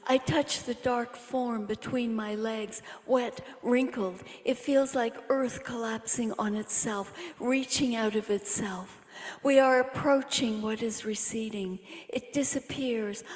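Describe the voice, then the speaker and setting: A woman's voice: on the high side, in a large hall. A woman poet giving an intense, rhythmic reading of her own poem, often dropping to a whisper. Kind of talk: dramatic poetry reading. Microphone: online reading setup.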